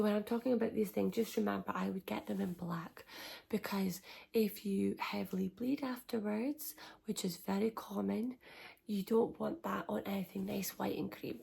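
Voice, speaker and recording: Young woman, gravelly and husky, soft reassuring parenting vlog chat. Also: medium pitch. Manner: soft, chatty and reassuring, often near a whisper. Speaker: parenting vlogger, first-time mum. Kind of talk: casual advice chat to camera.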